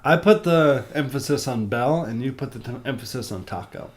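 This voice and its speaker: A young man in casual podcast chat who laughs often and tells stories in an animated way, with some swearing. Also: medium pitch, normal speed.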